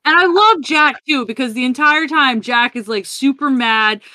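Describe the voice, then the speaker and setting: Female podcast co-host, bright tone, dry close mic, chatty film recap. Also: sits high, normal speed, no room sound. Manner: chatty, animated retelling with filler "like" and "yep". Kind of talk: casual chat recapping a film.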